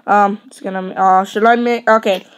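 A woman's voice: mid-range voice, fairly even intonation, normal speed. A woman chatting and rambling playfully while playing a building game. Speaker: let's play host. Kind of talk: casual gameplay chat.

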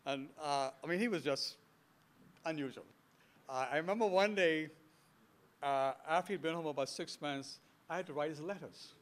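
Animated older Bahamian man telling stories. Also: on the high side, normal speed. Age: 70s. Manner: animated, anecdotal, chuckling asides. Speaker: guest speaker. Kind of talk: storytelling history lecture. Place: lecture hall before an audience.

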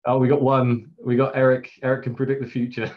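The speaker is a middle-aged English Scrum trainer with an English accent presenting casually over a video call. He uses a medium-pitched, flat delivery at normal speed, chatting along with many fillers, frequent laughs and self-deprecating humor, all captured in slightly dull, lo-fi webcast audio.

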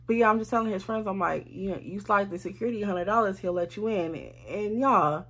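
Young woman, husky tone; animated, profane storytime vlogger. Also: medium pitch, fairly quick, hardly any pauses. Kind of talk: casual storytime.

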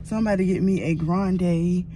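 A young Southern American woman records a casual phone vlog from her bed, talking bluntly to viewers and cursing freely. Her voice is on the low side at a normal speed, with faint music in the background.

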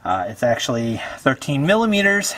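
A man's voice: medium pitch, sing-song, normal speed, a bit bright. A man hosting a homestead channel, talking viewers through a car repair in his garage in a chatty, self-mocking way while he works. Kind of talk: casual DIY repair tutorial. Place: home garage beside a car.

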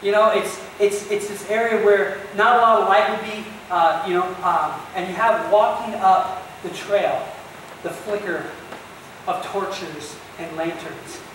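A man's voice: high-pitched, unhurried, a little hiss or hum. A man preaching a sermon as pastor, talking in a conversational way and acting out the people in the story. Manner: conversational, animated retelling with acted-out asides. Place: church sanctuary. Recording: echoey church hall, voice from far off.

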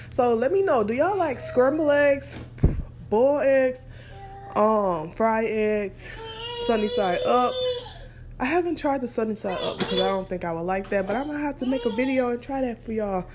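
A young mother talks her viewers through breakfast in her home kitchen. Her delivery is relaxed and chatty, with plenty of pauses and fillers as she cooks. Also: medium pitch, music in the background. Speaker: vlogger and mother. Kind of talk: casual cooking vlog chat.

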